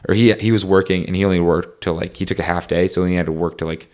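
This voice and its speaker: A man's voice: deep voice, fairly even intonation, quick pace, a little mellow. A young man telling a long travel story in casual conversation, full of "like" and "um", acting out what he and his friends said. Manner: rambling, fillers like "like" and "um", reenacts dialogue.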